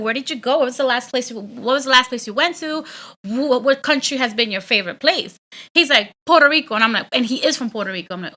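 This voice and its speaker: Young New woman, bright higher voice, animated storyteller, casual podcast chat. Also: fast. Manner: animated storytelling, frequent "like", swearing, laughing. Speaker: podcast guest.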